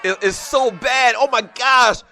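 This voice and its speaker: A man's voice: very high voice, unhurried, bright, forceful tone, soft background music. A man hosting a sports talk show, ranting in a fired-up way and repeating himself as he makes his points. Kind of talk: animated sports talk rant.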